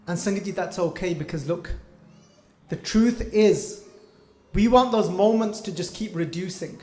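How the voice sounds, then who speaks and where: Male preacher, high voice, echoey room, soft music underneath, animated storyteller. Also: measured pace, long pauses. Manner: animated storytelling, acting out quoted lines. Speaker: Gurmat class teacher. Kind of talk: storytelling sermon. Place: hall.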